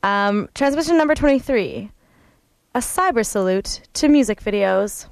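Relaxed woman co-hosting college radio. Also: medium pitch, moderate pace, vocal fry, a little hiss or hum. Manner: chatty, relaxed, often laughing. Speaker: co-host of a campus radio music show. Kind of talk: casual radio chat.

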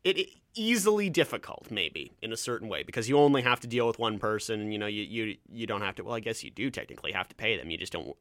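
A man's voice: lowish voice, expressive, quick pace, hardly any pauses, a bit bright, no room sound, studio quality. A Canadian man from Ontario hosting a solo podcast, rambling through tangents with frequent restarts and a slight stammer. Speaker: podcast host. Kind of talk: casual solo podcast chat.

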